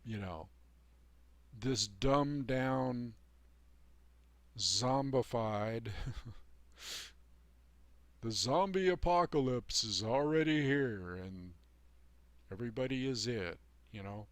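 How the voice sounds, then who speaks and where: Extremely slow, with long pauses yet lively intonation, a mid-range male voice delivers a preachy, rambling life-advice monologue on his own channel. He's emphatic and folksy, says "you know" and "man" a lot, and adds sarcastic asides, with no room sound.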